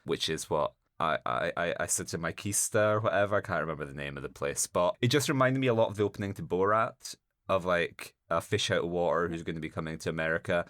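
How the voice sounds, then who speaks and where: A man's voice: low-pitched, fast, a bit bright, no echo, studio quality. A man co-hosting a podcast, chatting casually about a bad film in a wry, rambling way. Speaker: podcast co-host. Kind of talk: casual chat.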